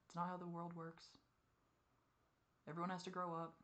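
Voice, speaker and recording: A woman venting in a personal confessional vlog, teary and frustrated, with sighs and soft muttered asides. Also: lowish voice, monotone, normal speed. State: teary, crying. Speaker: vlogger.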